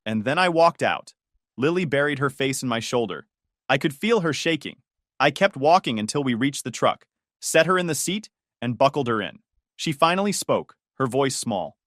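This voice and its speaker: A man narrating a first-person story in an expressive, scripted storytelling manner. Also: mid-range voice, normal speed, dry recording, clean studio sound. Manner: expressive storytelling, shifting tone with the drama.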